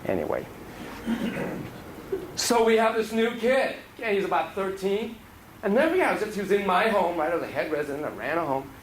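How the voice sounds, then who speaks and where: A man's voice: sits high, lively intonation, normal speed, long pauses, slight background noise, low-quality recording. A man giving a casual, joking lecture on child psychotherapy to a class, acting out dialogue in different voices.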